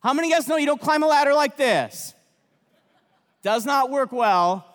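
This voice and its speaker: A man in his thirties preaching at a conference, telling stories with animated, shouted bursts in a large hall. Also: extremely high pitch, moderate pace. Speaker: pastor. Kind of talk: energetic conference sermon. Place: large hall with long reverb. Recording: reverberant hall, from a distance.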